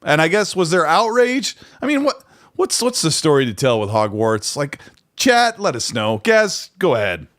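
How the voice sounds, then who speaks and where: A man's voice: a little high, moderate pace, no echo, studio quality. A man in his forties co-hosting a gaming podcast, joking and teasing in casual chat. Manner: jokey, teasing, animated. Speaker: podcast co-host.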